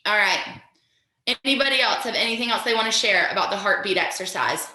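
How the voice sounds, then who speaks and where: A woman's voice: mid-range voice, expressive, brisk, sharp tone, reverberant. A woman teacher leading a guided mindfulness lesson over a video call, upbeat and encouraging as she talks straight to her students.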